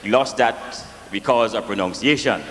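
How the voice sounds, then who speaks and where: A man with a West Indian accent performing a live comic storytelling set, lively and jokey, with sing-song swings in pitch. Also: moderate pace, long reverb tail, slight background noise. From West Indies.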